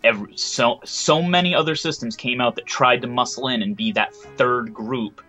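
A man on a casual podcast panel, explaining and correcting details in a measured way. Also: medium pitch, sharp tone, soft background music.

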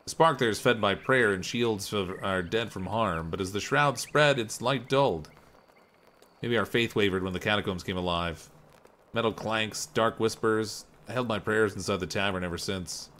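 A man's voice: lowish voice, moderate pace, a bit bright, lightly acted. A man reading out a devout villager's game dialogue in an earnest, solemn tone. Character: solemn devout villager near haunted temple.

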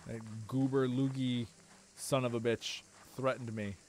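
A man giving playful let's-play commentary as a game streamer, swearing and talking back at the creatures on screen, with sudden loud outbursts. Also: mid-range voice, flat delivery, measured pace, slight background noise.

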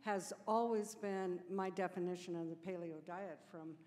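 A woman's voice: fairly low pitch, steady tone, darkish tone. A woman from the audience asks a long, meandering question at a conference, stopping and restarting as she goes. The sound is reverberant, like a large hall. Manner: rambling, halting, laughing self-consciously. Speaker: audience member asking a question.

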